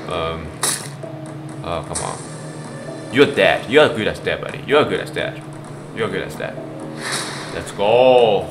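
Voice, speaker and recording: A man giving excited gameplay commentary as a gaming YouTuber, pleading and shouting at the game and laughing often. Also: low-pitched, a little slow, long pauses. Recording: echoey room with game music.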